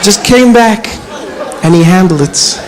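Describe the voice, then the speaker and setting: This is a young man doing stand-up. His voice sits high and bounces along with playful energy. He tells the story as an animated performer. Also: measured pace, some chatter behind, low-quality recording. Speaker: comedian. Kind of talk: stand-up comedy.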